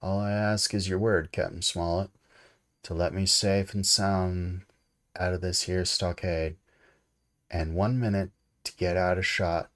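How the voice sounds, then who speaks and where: A man voicing a cheery, wily one-legged pirate captain who bargains in a loud, hearty, cajoling way. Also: low voice.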